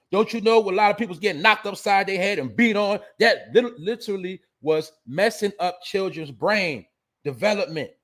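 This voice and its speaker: A man lectures his audience in a casual, profane monologue. His voice sits high for a man, and he talks bluntly and preachily. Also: a bit bright. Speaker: show host.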